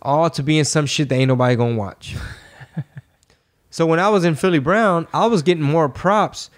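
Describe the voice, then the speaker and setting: A man's voice: on the high side, moderate pace. Profane, rambling man hosting a podcast. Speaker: podcast host. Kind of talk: casual podcast chat.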